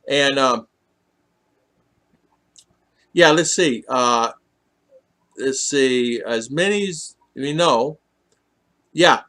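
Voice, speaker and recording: A man's voice: medium pitch, fairly bright tone. A man hosting a casual live stream, reading viewers' comments aloud and teasing them in a chatty way. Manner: teasing, chatty, laughs often.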